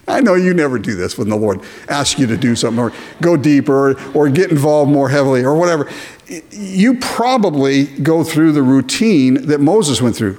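Guy preaching, kinda high voice, lots of ups and downs, acts out the bits and chuckles. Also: moderate pace. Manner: animated, acts out dialogue, chuckles often. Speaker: pastor. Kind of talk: sermon.

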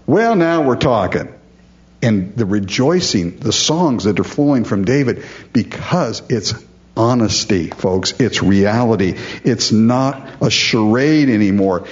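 A man preaching in an earnest, emphatic way, pressing his points home to the congregation. His voice sits at an ordinary middle pitch. The recording sounds muffled and lo-fi. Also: lively intonation, a little slow. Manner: earnest, emphatic preaching, addressing listeners as folks. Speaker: pastor. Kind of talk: sermon.

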